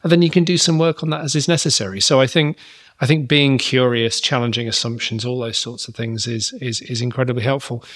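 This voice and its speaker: A man's voice: medium pitch, fairly even intonation, brisk, fairly bright tone. A man hosting a business podcast, talking in a thoughtful, rambling way with fillers and restarts. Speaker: podcast host. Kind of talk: conversational interview and wrap-up.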